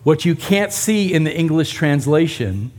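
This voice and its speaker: A man's voice: a little high, lively intonation, unhurried, a little mellow. A man preaching a sermon and teaching a Bible passage in a conversational way, with asides to the congregation. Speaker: pastor.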